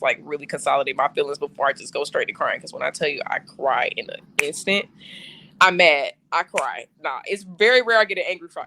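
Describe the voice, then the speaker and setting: A man's voice: a little high, pushed and bright. A man co-hosting a casual podcast, telling a personal story with lots of slang and swearing. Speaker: podcast co-host.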